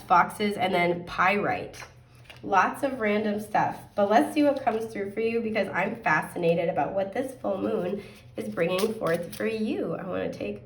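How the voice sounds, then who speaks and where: Woman tarot reader, chatty casual delivery, hoarse with throat clearing, mid-pitched, recorded in an echoey room. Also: recorded from a distance. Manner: chatty, upbeat, rambling with fillers. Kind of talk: casual pick-a-card tarot reading.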